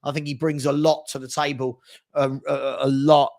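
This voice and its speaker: A chatty man with a slightly high voice hosts a live football stream. He reads viewer comments aloud and answers them in a rambling way. He often restarts and repeats words mid-sentence. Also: level tone, normal speed, a little mellow.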